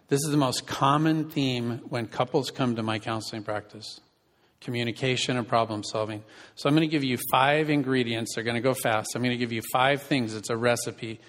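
A man's voice: medium pitch, fairly bright tone. A man preaching a sermon as pastor and counselor, conversational and asking the congregation questions. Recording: reverberant hall.

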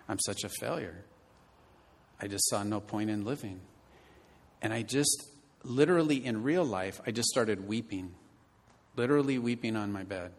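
A pastor in his fifties preaches a sermon, earnestly relating a personal story in a mid-range voice. He alternates between loud, emphatic lines and quieter ones.

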